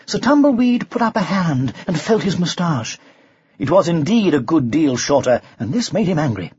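Give me an expressive storybook narrator with a husky voice and lively intonation. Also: mid-range voice, no echo. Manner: expressive, varied pacing. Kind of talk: storybook reading. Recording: dull lo-fi recording.

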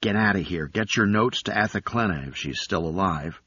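A man voicing a weary, resigned man cornered in the field, speaking in a low mutter. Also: normal speed, pushed and bright, husky, no echo, heavily acted. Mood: urgent. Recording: dull lo-fi recording.

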